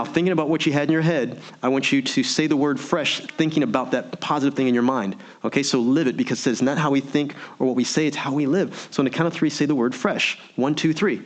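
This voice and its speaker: A man giving an energetic motivational keynote, full of rhetorical questions and audience prompts. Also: mid-range voice. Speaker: motivational speaker. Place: virtual meeting event.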